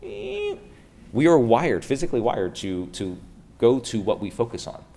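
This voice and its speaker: A man's voice: mid-range voice, wildly swooping pitch, measured pace, warm tone. A man from Pennsylvania giving a casual, upbeat conference keynote to a live audience in a room, throwing rhetorical questions at the crowd. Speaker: keynote speaker.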